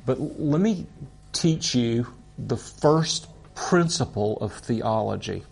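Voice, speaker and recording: A man teaching a Bible course in an earnest, deliberate way, openly moved by what he teaches. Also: medium pitch, animated, gravelly, darkish tone, slightly rough.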